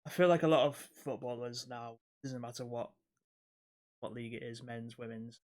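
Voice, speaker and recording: A man's voice: mid-range voice, normal speed, darkish tone. A man chats on a podcast. He mostly answers in brief, dry remarks and swears now and then. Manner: dry short reactions, swears. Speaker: podcast co-host. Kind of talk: casual chat.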